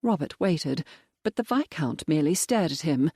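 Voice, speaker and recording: An audiobook narrator reading a period mystery in a measured, even manner. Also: mid-range voice, slightly rough, dry recording, studio quality. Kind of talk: scripted narration.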